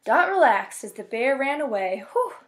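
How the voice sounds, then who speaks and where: Female librarian, playful picture-book reader, slow and very lively. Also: a little high. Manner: expressive, playful storytelling. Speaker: children's librarian. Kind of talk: children's picture-book read-aloud.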